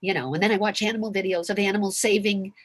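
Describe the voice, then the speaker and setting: Husky heartfelt woman, dry close sound. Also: medium pitch, steady tone, fast talker, no echo. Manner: heartfelt, gushing, laughs often. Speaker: convention guest. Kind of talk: emotional Q&A talk.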